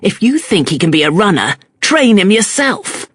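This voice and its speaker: A gruff, surly police chief , as a narrator puts him on, blunt and exasperated. The read is dry and close-miked. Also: mid-range voice, very animated, moderate pace, fairly bright tone, no echo, pitched above the performer's own voice.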